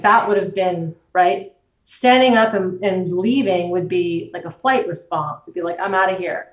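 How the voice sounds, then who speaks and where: A woman guest explaining the nervous system in a measured way, using everyday examples. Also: fairly low pitch. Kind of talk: explanatory conversation. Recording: roomy, distant, dull-sounding recording.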